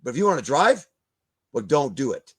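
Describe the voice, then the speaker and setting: A man's voice: mid-range voice, very animated, normal speed, breathy edge. An older man, ranting bluntly as a guest in a video-call discussion, swearing and stumbling over repeated words. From Canada.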